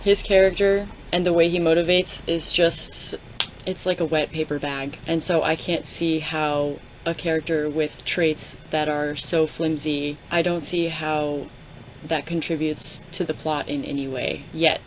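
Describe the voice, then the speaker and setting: A young woman talks through a book at home in a low voice, wry and animated, and drops into mocking voices for the characters. The sound is dull and lo-fi, with a faint hiss behind her. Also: unhurried. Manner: sarcastic, animated reactions with mocking put-on voices. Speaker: book reviewer. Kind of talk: casual readalong commentary.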